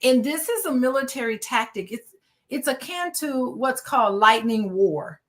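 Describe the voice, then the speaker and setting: Slightly high-voiced woman explaining on a panel. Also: animated, fairly bright tone. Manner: measured, explaining, with fillers.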